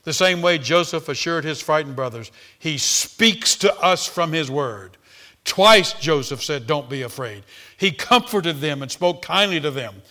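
A man preaching a sermon, swinging between loud emphasis and hushed tones, and repeating words as he speaks off the cuff. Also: a little high, animated, unhurried.

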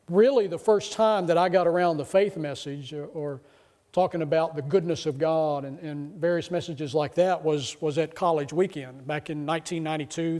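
A middle-aged male pastor delivers a sermon in a notably high voice. He tells stories casually, then builds into excited, emphatic preaching. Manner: conversational testimony rising to excited preaching.

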